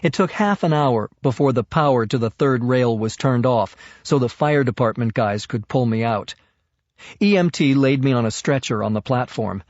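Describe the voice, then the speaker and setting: A man's voice: medium pitch, normal speed, darkish tone, no echo. A man narrating an audiobook in the first person, in a plain, matter-of-fact way. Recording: dull lo-fi dry recording.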